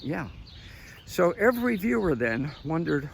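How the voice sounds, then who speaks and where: A man's voice: on the high side, very animated, moderate pace, vocal fry, a little hiss or hum. An older man giving an opinionated political monologue outdoors after a jog, emphatic and repetitive, chuckling between points. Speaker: political commentator.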